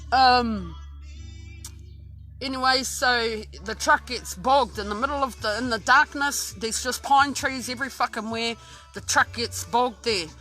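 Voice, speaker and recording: A woman's voice: mid-range voice, bright, forceful tone. An Australian woman telling a story casually, swearing constantly and restarting her sentences often. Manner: heavy swearing, rambling with many restarts. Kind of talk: casual true-crime storytelling.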